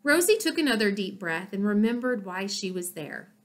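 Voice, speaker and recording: A woman narrating a children's chapter book in an expressive storytelling manner. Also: medium pitch, normal speed. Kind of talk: children's audiobook reading.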